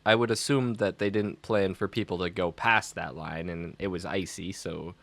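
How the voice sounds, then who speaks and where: Man, low voice, dry close sound, school advisor, podcast co-host, animated storyteller. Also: moderate pace, no echo. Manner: animated storyteller who acts out quotes. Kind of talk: casual chat.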